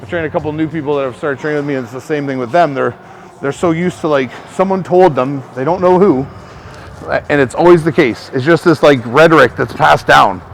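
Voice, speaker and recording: Rambling, profane male trainer, higher voice. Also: a little fast, a little hiss or hum. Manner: rambling, profane, filler-heavy. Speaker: personal trainer. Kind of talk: casual fitness coaching talk to camera.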